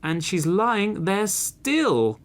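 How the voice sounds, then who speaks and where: A man voicing a small, upset baby bear in a shrill, high voice, reading a storybook. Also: sing-song, very slow, full character voice. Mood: indignant.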